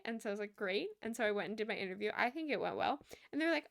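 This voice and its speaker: A woman's voice: medium pitch, rapid-fire, gravelly, a bit bright. A young woman chatting casually on a livestream while she plays a game, giggling and trailing off mid-sentence. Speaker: streamer.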